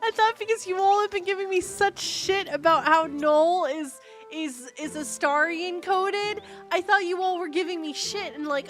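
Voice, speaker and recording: A woman's voice: extremely high pitch, moderate pace, a bit bright, soft background music. A young woman streaming a game, chatting casually, laughing constantly and swearing freely. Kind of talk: casual live-stream chat while gaming.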